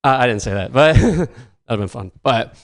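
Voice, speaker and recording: Brief: male comic, clear smooth voice, meandering and self-mocking delivery. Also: mid-range voice, lively intonation, moderate pace. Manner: rambling, self-mocking, full of likes and chuckles. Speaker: stand-up comedian. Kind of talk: stand-up set.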